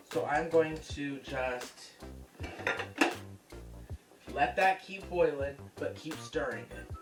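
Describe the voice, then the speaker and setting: A cooking show host chatting casually and profanely in a home kitchen, projecting loudly toward a camera's built-in microphone. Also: mid-range voice. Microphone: camera's built-in mic. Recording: echoey room, distant camera mic, music.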